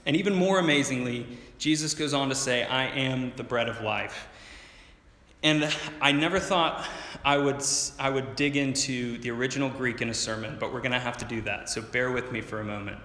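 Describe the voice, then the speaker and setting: A man preaches a sermon, explaining in an earnest tone and building up to emphatic points. His voice is forceful and bright. It rings out with long reverb from a big church hall. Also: mid-range voice. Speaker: pastor.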